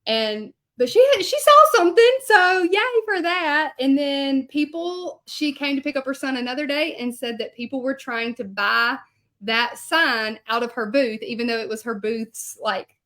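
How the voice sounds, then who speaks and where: A woman's voice: fairly high pitch, moderate pace, a bit bright. Chatty woman lettering a sign. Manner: chatty, rambling, talks to viewers as she works. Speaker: hand-lettering artist and channel host. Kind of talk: casual livestream chat while painting. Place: home craft studio.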